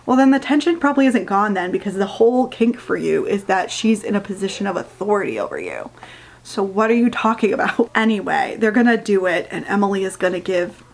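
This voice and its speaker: A woman's voice: medium pitch, animated, a little fast. A woman giving a casual, sarcastic rant review of a book, swearing freely and sounding exasperated.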